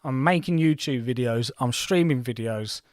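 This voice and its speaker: A man in his forties talks through a game on his livestream, chatty and rambling, often poking fun at himself. His voice sits at an ordinary middle pitch and the recording is dry and close. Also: moderate pace, darkish tone, no room sound. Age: 40s. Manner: chatty, rambling, self-deprecating. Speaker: gaming livestream host. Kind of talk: casual livestream commentary.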